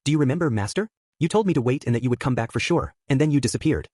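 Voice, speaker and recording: A man's voice: mid-range voice, lively intonation, very fast, a little mellow, no echo, studio quality, lightly acted. A man voicing a playful, devoted young woman in an audiobook, teasing and affectionate. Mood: wistful.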